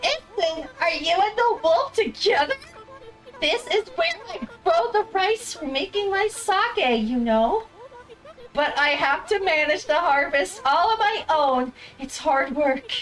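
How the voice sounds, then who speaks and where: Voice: very high-pitched, very animated, slow, fairly bright tone, soft background music, voice pushed up, exaggerated voice, rough recording. A streamer voicing a cheerful young woman who brews sake, chatty and friendly, reading game dialogue aloud.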